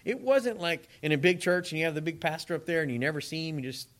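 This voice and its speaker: A man delivers a sermon in a chatty, animated way, talking straight to his congregation. His voice sits a little high and swings widely in pitch as he preaches. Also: quick pace.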